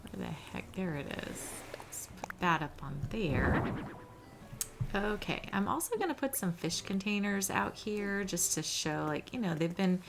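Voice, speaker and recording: A woman's voice: mid-range voice, animated, a little slow, vocal fry, background noise. Cozy, chatty woman gaming host. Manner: chatty and cozy, often says "little". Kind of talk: casual gameplay commentary. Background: background music.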